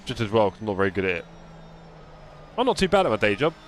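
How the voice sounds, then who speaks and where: A man's voice: lowish voice, sing-song, fast talker, a little hiss or hum. A young man live-streaming a racing game, chatting casually and answering his viewers by name with self-deprecating humor.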